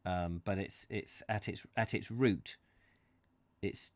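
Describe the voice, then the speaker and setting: Man, 50s, lowish voice, dry close sound; earnest live chat to viewers, halting and rambling. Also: dry recording. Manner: halting and rambling, full of restarts and searching for words; earnest and heartfelt. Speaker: host of a live reading channel. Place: his own studio.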